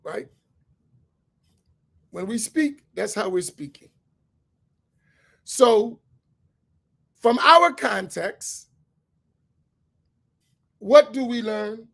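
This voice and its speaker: A man's voice: sits high, animated, very slow, creaky, long pauses, fairly bright tone. A man speaking as an imam, giving an emphatic lecture-style sermon and repeating his key points. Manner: asks for slides to be put up.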